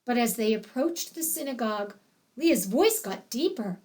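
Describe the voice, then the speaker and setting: A woman narrating a children's storybook in an expressive, animated reading. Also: on the high side, normal speed.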